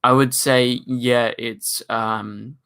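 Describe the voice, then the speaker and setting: A man with a British accent and a deep voice, hosting a live stream in a casual, chatty way and answering viewer questions into a microphone. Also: flat delivery, drawn-out words, pushed and bright, smooth. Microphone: studio microphone.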